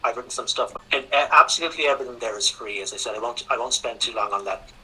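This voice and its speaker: A man, a guest speaker on English teaching, answering questions in an online seminar, relaxed and repeating words as he thinks. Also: mid-range voice, rapid-fire, slightly rough, poor audio. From Ireland.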